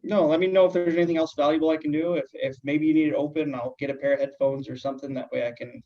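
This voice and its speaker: A man playing a calm, agreeable office coworker in a training role-play, speaking haltingly. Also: on the high side, crowd noise, close to an everyday voice. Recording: dull lo-fi sound.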